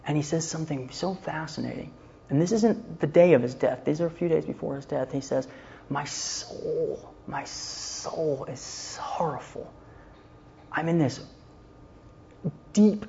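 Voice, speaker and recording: A man teaching a Christian counseling class in a relaxed, conversational way. He often checks in with his listeners and retells scripture scenes in everyday speech. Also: medium pitch, gravelly, muffled recording.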